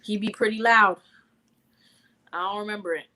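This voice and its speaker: A woman's voice: medium pitch, moderate pace. A woman co-hosting a podcast, telling stories in loose, slangy, casual chat. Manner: loose slangy storytelling, animated gossip. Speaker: podcast co-host.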